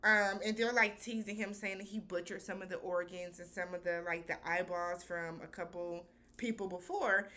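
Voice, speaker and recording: A woman's voice: fairly low pitch, fairly even intonation, moderate pace, hardly any pauses, sharp tone. A woman recapping a TV episode in a loose, chatty way, with slangy phrasing and lots of filler words. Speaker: TV show reviewer.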